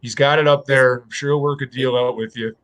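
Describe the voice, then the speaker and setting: A man hosting a casual livestream, telling animated stories and pitching gear. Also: fairly quick. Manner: animated storytelling, salesy pitches. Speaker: host.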